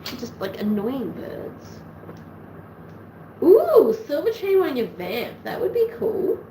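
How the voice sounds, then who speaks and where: A woman with an Australian accent chats through her sewing on a livestream, thinking aloud and wandering between topics. Her voice sits a little high and swings widely in pitch. Faint room noise sits behind her. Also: wildly swooping pitch, slow, mellow, rough recording. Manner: chatty, rambling, thinks aloud. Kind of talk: casual livestream chat while sewing.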